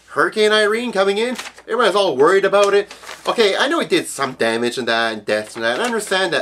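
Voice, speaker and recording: A man from Canada's Maritimes ranting profanely in a casual vlog, jumping between loud outbursts and low mutters. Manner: profane, animated ranting with sudden pitch jumps. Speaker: video blogger.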